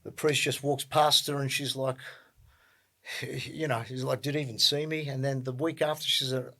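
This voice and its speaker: A man's voice: mid-range voice, level tone, moderate pace, vocal fry, sharp tone. A middle-aged man with an Australian accent, telling his life story as a podcast guest in a loose, rambling way full of fillers and repeats. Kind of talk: casual storytelling.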